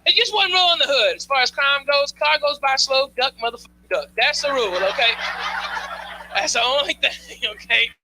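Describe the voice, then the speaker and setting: A male stand-up comedian riffing on a club stage, loose and slangy, teasing the crowd. His voice sits high and very bright through the handheld mic, with a faint noise underneath. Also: normal speed, rough recording.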